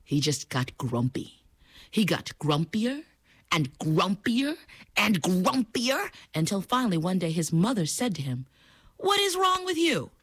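Animated, playful woman storyteller. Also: lowish voice, a little slow, breathy edge. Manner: animated and playful, with sound effects. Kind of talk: oral storytelling performance.

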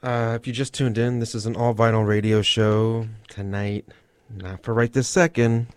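A man's voice: on the low side, darkish tone. A man hosting a radio show, chatting casually and rambling with lots of fillers and asides. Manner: rambling, self-deprecating, full of fillers. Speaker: radio host.

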